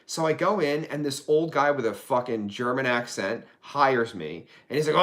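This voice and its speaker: A man's voice: medium pitch, normal speed, few pauses. A man, around his forties, from Pennsylvania, guesting on a podcast and telling a story casually, full of swearing and laughter. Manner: profane, animated, laughing storyteller.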